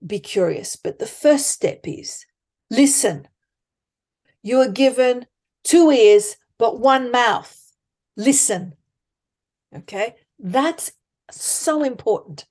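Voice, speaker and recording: A woman explains her ideas in an unhurried, deliberate way. Her voice sits a little high, and she leans hard on key words. She is a life coach guest in a podcast conversation. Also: animated, darkish tone. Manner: emphatic, deliberate, acts out example thoughts.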